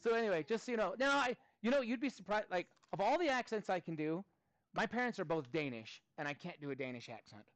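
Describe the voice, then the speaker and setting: Animated man in his thirties teaching. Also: high voice, quick pace. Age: 30s. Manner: animated, playful, chatty with students. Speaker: math teacher. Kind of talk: classroom lesson. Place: classroom.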